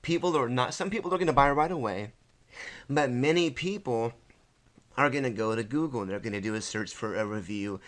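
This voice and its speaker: A man's voice: medium pitch, a little fast, a bit bright. A man teaching an online marketing course in a casual screen-share tutorial, rambling with many fillers and self-corrections, his voice slightly worn.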